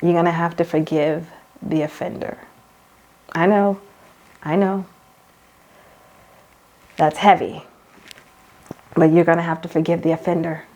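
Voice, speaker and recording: A woman's voice: lowish voice, steady tone, measured pace, pauses often, darkish tone. A woman host giving a motivational faith talk, speaking straight to the listener like a coach, repeating key phrases and calling her girl and hon.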